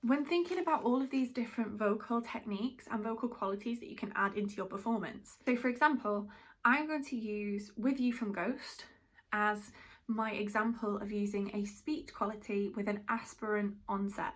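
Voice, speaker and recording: Speaking at a normal speed in a medium-pitched voice, a woman from Britain teaches a musical theatre masterclass. This drama teacher is chatty and self-aware, explaining as she goes.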